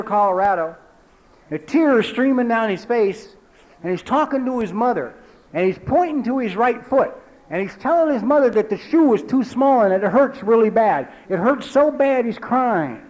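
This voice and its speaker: A man in his forties telling a personal recovery story at a meeting, talking conversationally with lots of "you know" and dropping low and quiet for emphasis. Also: lively intonation, normal speed, low-quality recording. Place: meeting hall.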